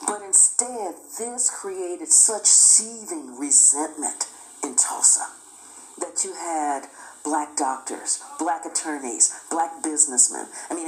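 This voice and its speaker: Sex: woman. Style: emphatic history lecture. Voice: low. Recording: echoey room. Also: a little hiss or hum. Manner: emphatic, repeats phrases, acts out quotes.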